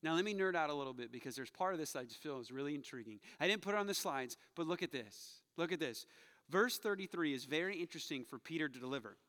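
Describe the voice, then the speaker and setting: A man's voice: on the high side, lively intonation, quick pace, fairly bright tone, long reverb tail. A male pastor preaching a sermon in a church, telling the story with animation and acting out quoted voices. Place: church sanctuary.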